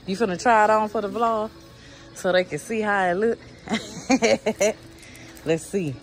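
A woman's voice: mid-range voice, a little slow, soft background music. A woman, chatting casually to her viewers while filming herself shopping in a store. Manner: chatty, addresses viewers as y'all. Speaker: vlogger. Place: discount clothing store.

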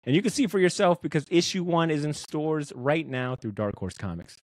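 A man's voice: fairly high pitch, a little fast, dry recording. Joking, slangy podcast host, a man. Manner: hyped, joking, slangy banter. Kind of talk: casual podcast chat.

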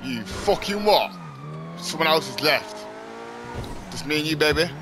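A man's voice: on the high side, animated, a little slow, noisy background. A man giving hyper, crude, joking commentary while he plays a video game. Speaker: gaming YouTuber. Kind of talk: casual gameplay commentary. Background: game music.

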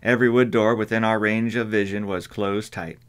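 A man reading an audiobook in measured scripted narration. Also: fairly low pitch, clear, resonant tone. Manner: measured, even storytelling.

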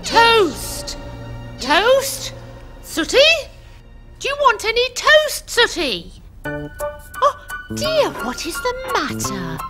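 A polite little panda girl, with a tiny, very high voice. She speaks slowly and breathily, full of wonder. Music plays under her. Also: huge pitch swings, heavily acted. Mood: fussing. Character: sweet polite young female panda puppet. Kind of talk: children's TV puppet voice.

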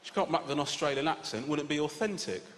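Brief: dismissive adult brother, low matter-of-fact mutter, voiced by a comedian in a stage bit; echoey venue with crowd. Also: male voice, animated, quick pace, a bit bright. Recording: echoey hall with audience noise.

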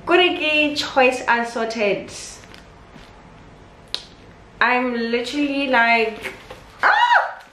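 A woman's voice: mid-range voice, fairly even intonation, a little slow. A young woman, chatting casually and emotionally in a home vlog. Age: 20s. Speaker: vlogger. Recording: roomy with faint background noise.

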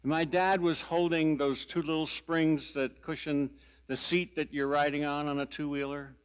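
An older man preaching a sermon as pastor, telling stories slowly and deliberately with a wry sense of humor. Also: fairly high pitch, level tone, smooth.

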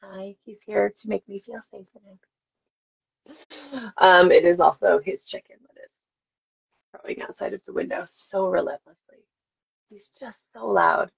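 A woman's voice: medium pitch, unhurried, vocal fry, long pauses, breathy edge. A woman in her forties, an actress chatting with fans and telling stories on a live stream while signing autographs. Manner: chatty, self-deprecating, storytelling. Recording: dull lo-fi stream audio.

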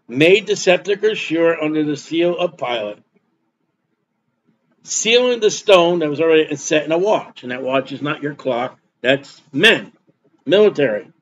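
High-voiced emphatic man preaching a sermon. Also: expressive, a little slow, fairly bright tone, highs cut off, a little hiss or hum. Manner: emphatic, repeats points for stress. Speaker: pastor.

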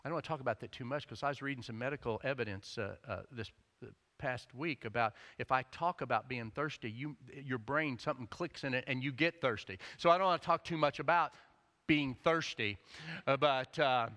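A man preaching a sermon as pastor. He tells the story with energy, acts out the quotes in character and rises almost to a shout. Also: medium pitch, fairly quick. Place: church sanctuary. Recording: long church-hall reverb.

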